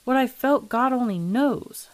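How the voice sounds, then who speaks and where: A woman's voice: mid-range voice, lively intonation, normal speed, a little mellow, natural voice. A woman voicing a shaken young Englishman who snaps and growls out his words in desperation. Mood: bitter. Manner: tense, growling, savage outbursts. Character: rattled young English gentleman lodger, desperate.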